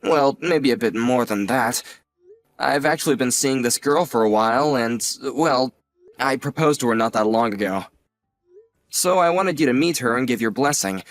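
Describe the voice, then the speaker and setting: A young man playing a newly engaged nephew who is earnest and gently apologetic. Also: mid-range voice, moderate pace, soft background music, natural voice. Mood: hesitant. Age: young adult. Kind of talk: scripted dialogue drama.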